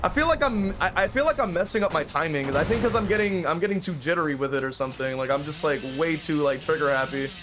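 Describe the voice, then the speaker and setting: A man's voice: fairly high pitch, animated, fast talker, hardly any pauses, over music. A man giving casual, profane commentary while playing a game, rambling with fillers and getting frustrated. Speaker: streamer playing a killer.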